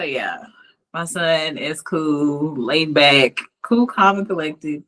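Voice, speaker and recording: Low, bright-voiced mother co-host. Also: lively intonation, slow pace. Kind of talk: casual chat.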